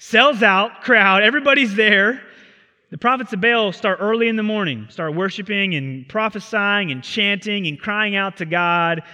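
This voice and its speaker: A male pastor preaches in an animated, casual storytelling style, his bright, forceful voice sitting a little high for a man. The sound carries the long reverb of a theatre hall. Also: moderate pace. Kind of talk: sermon. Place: theatre used as a church.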